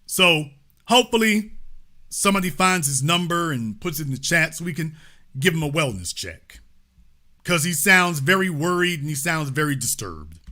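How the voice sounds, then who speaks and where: A man's voice: fairly high pitch, sharp tone. A man hosting a live call-in talk show, talking casually and repeating his points. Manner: casual, repetitive, restates lines.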